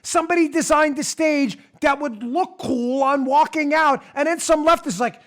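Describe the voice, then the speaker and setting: A man hosting a political talk show rants with sarcasm and exasperation, mocking as he goes and getting louder. His voice is extremely high with lively intonation, at a moderate pace with hardly any pauses. He is a podcast host delivering political commentary.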